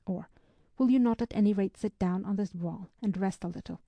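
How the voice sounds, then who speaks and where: Gentlemanly army captain, polite and a touch masterful; gravelly, dry read; woman narrator voicing him. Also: medium pitch, fairly quick, no echo, natural voice. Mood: courteous. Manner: polite, soothing and a little masterful. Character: courteous English army captain, gentlemanly and solicitous.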